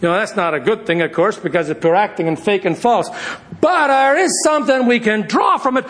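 A male pastor preaching a sermon to his church, speeding through quick asides and slowing down hard for emphasis. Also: high-pitched. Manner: lively preaching, shifting between quick asides and slow emphasis.

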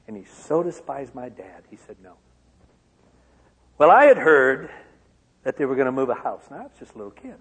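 A man from Michigan giving a personal testimony to an auditorium, swinging from loud outbursts to hushed lines. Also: mid-range voice, very animated, moderate pace, long pauses, slightly rough. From Michigan, USA. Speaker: speaker. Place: large auditorium. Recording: long hall reverb.

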